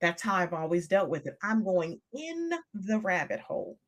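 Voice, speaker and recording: A woman's voice: lowish voice, very animated, normal speed, fairly bright tone. Emphatic older woman coaching on a live stream. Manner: emphatic, repeating phrases for stress.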